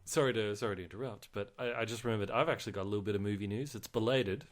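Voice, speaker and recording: A man's voice: lowish voice, rapid-fire. A young man co-hosting a movie podcast in casual chat, telling stories in a chatty way with frequent giggles. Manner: chatty, giggly, animated storytelling. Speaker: podcast co-host.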